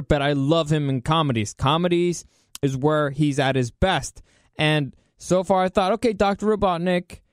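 Guy ranting on his vlog, kinda high voice, dry close mic, gets all incredulous. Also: dry recording. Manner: animated, incredulous, with crude outbursts. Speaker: vlogger. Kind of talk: casual opinion rant.

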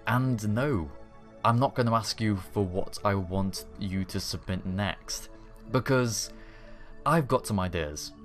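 A man with a low voice talks through a space-flight game as a channel host. He rambles casually, corrects himself often and drops dry, self-mocking asides. Soft background music sits under his voice. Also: takes it slowly. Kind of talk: casual gameplay commentary.

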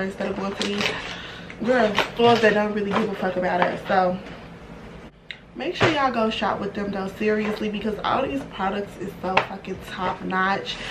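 A young woman chatting excitedly and casually through a makeup unboxing, full of slang and swearing. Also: medium pitch. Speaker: beauty vlogger. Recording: distant mic with background noise.

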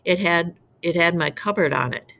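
A woman's voice: on the low side, moderate pace, creaky, bright, forceful tone. A woman voicing an indignant young boy in a storybook reading, insisting angrily on what is his. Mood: angry. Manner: insistent, angry.

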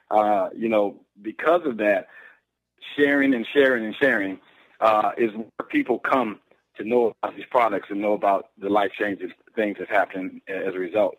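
A man's voice: on the low side, moderate pace, dry recording, rough recording. A man who is a pastor, speaking on a conference call with emphatic, preacher-like exhortation about sharing products. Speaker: pastor and business partner. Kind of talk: motivational sales talk.

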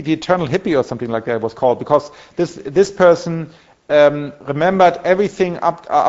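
A man's voice: on the high side, a little mellow, muffled recording. A man giving a university lecture in a conversational way, with many restarts and fillers as he corrects himself. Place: lecture hall.

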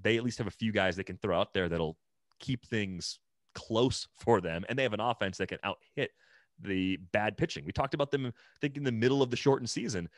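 Deep-voiced guy breaking down baseball on a podcast, lots of "like", dry close sound. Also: fairly quick, no room sound. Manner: analytical, thinks aloud with many "like" and restarts. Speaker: podcast co-host. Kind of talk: casual baseball chat.

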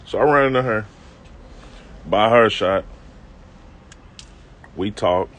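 This comedic vlogger has a lowish, slightly bright voice and takes his time. Standing outdoors on a city street, he tells a funny personal story to his live-stream audience in loose slang, poking fun at himself in asides to viewers.

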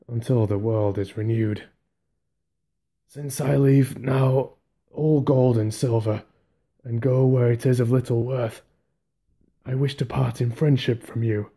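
A man voicing a dying dwarf king who speaks slowly and solemnly. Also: medium pitch, mellow, husky. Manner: slow, solemn.

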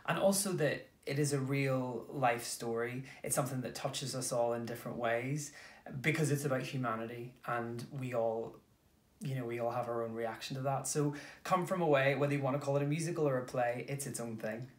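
A man's voice: mid-range voice, a little fast. Thoughtful man in an echoey room. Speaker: musical theatre cast member. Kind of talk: remote interview answer. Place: home during lockdown.

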